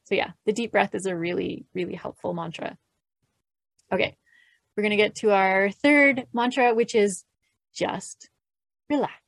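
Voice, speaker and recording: A woman calmly explaining breathing mantras in an interview, gentle and measured, with light laughs. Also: mid-range voice, vocal fry, no room sound. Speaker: podcast host and guest expert. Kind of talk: calm instructional explanation.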